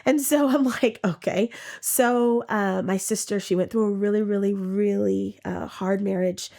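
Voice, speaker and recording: A woman giving a personal faith testimony, halting and emotional, often repeating words and acting out what she said at the time. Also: mid-range voice, steady tone, creaky, mellow. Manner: acts out her own past words. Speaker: testimony speaker.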